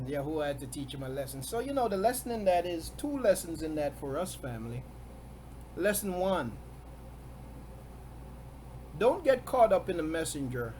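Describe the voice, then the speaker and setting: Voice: mid-range voice, very animated, moderate pace, long pauses, a little mellow, a little hiss or hum. A preacher giving a sermon, stressing points by repeating key words and often chuckling between them.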